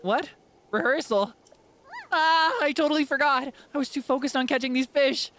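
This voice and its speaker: A man voicing an excitable, scatterbrained bird-folk child in a squeaky, breathless voice. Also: normal speed, slight background noise. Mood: flustered.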